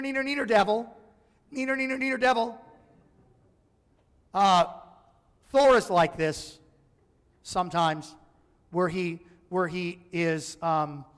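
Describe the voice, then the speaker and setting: High-voiced pastor preaching in a reverberant church. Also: male voice. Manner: conversational and humorous, acts out voices in his stories. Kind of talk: sermon. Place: church sanctuary. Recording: church live stream with long hall reverb.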